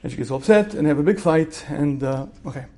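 In a relaxed lecture, a religious teacher with a fairly high voice talks conversationally. Rhetorical questions come up often, he pauses to clear his throat, and the whole thing stays informal.

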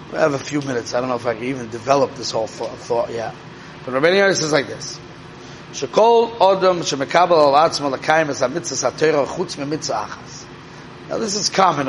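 A man teaching a Torah class in a lively lecturing manner, mixing Hebrew and Yiddish terms into his English and often checking in with his listeners. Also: on the high side. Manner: animated, with frequent rhetorical check-ins.

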